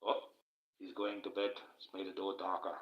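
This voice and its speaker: The man's voice sits low and stays monotone at a normal pace as he hosts a nighttime stream from home. He runs through a rambling, emphatic monologue and thanks his chat viewers over roomy, dull lo-fi audio.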